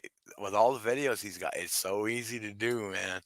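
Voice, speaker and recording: A man's voice: lowish voice, moderate pace, a bit bright, dry recording. A man co-hosting a casual livestream, dropping joking side comments and laughing often. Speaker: livestream co-host.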